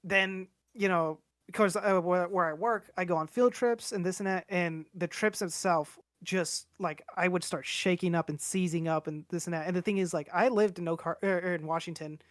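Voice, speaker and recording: A man's voice: high voice, fairly even intonation, moderate pace, few pauses, no echo, clean studio sound. A man in his twenties chatting casually on a podcast, rambling and candid, swearing freely as he talks. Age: 20s. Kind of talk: casual chat.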